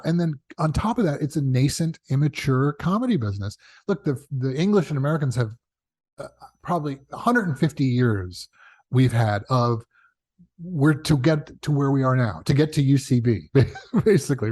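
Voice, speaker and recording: Animated man telling stories in a dry, close recording. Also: dry recording. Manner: animated, acts out quoted dialogue with big pitch jumps; chatty, self-correcting, laughs at own asides. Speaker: guest, television showrunner. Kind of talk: casual interview storytelling.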